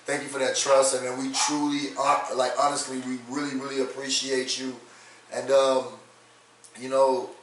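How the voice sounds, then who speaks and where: A man co-hosting a podcast, giving laid-back, slangy shout-outs in casual chat. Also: medium pitch, completely flat delivery, normal speed. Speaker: podcast co-host. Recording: echoey room, far from mic, faint noise.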